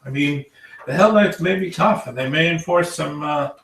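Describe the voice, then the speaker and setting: A man voicing a proud female dwarf barkeep with a merchant's outlook, in a halting way full of fillers. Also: on the high side, vocal fry, a bit bright. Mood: matter-of-fact. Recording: roomy, distant mic, faint noise.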